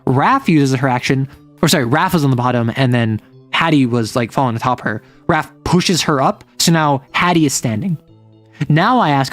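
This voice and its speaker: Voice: mid-range voice, lively intonation, moderate pace, faint music behind. Chatty game master rambling through a recap. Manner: rambling, chatty, uses lots of "like". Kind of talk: casual storytelling recap of a tabletop game.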